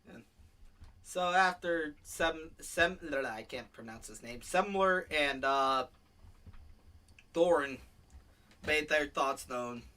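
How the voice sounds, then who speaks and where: Man podcast co-host, high voice, bright and sharp, swears and laughs a lot. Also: slow, pauses often. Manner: swears freely, laughs often, reads tweets aloud. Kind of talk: casual podcast chat. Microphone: home microphone, streamed show.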